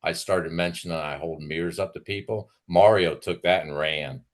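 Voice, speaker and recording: A man's voice: low-pitched, fairly even intonation, normal speed. A man hosting a live stream, ranting and mocking in casual, profane chat.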